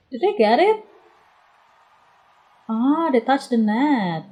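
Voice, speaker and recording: Woman vlogger, high and very animated voice, excitable exclamations and laughs mixed with quiet murmured asides, unhurried delivery. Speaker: anime reaction vlogger. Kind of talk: live reaction commentary.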